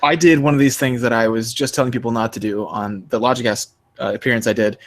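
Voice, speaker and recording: A young man co-hosting a casual podcast. He tells stories with animation and acts out quotes with sharp jumps in pitch. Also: steady tone, fast. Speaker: podcast co-host.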